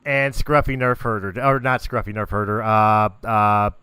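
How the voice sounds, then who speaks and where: Bright, clear-voiced male podcast co-host. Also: lowish voice, normal speed, no echo. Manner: relaxed, asks questions, laughs often. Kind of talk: casual podcast chat.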